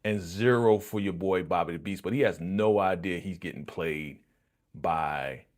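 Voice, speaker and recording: A man's voice: low-pitched, unhurried. A man hosting a live-stream reaction show, recapping an episode and reading chat in a laid-back way full of fillers.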